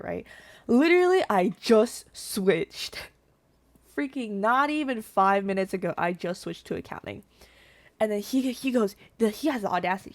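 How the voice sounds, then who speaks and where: A young woman in her twenties tells a story to her viewers, animated and swearing freely. Her voice sits at a middle pitch for a woman. She talks in a casual, chatty way. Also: moderate pace. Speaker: VTuber storyteller.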